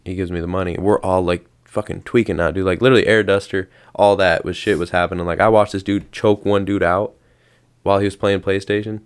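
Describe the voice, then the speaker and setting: Deep-voiced man telling a wild story. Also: steady tone, fairly quick, clean tone. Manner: slangy, rambling, swears often. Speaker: podcast host. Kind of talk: casual storytelling.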